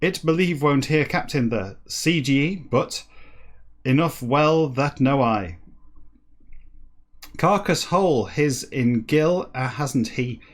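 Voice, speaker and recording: A man reading a book aloud for comedy, breaking off into dry, deadpan asides. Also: mid-range voice, takes it slowly. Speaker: comic reader.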